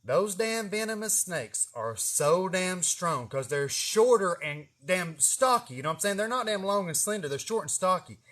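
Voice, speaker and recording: A man's voice: high-pitched, normal speed, hardly any pauses. A young man, telling a rambling story with lots of cursing and laughing at himself. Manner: animated, profane, laughing at himself. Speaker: vlogger. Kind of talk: casual storytelling.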